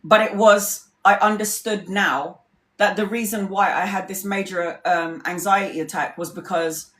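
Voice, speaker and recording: A woman's voice: on the low side, a bit bright. A woman, a tarot reader telling a personal story in a casual, chatty way, laughing often and swearing freely. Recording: roomy echo.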